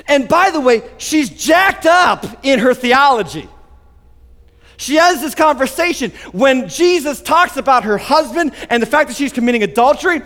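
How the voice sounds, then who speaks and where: Male pastor, high voice, lively emphatic sermon delivery, long hall reverb. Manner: animated, emphatic preaching with asides.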